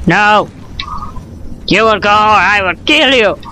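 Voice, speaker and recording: Woman doing a gruff bossy statue. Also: medium pitch, expressive, takes it slowly, sharp tone, slight background noise, pitched below the performer's own voice. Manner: gruff, commanding. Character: bossy threatening statue, commanding.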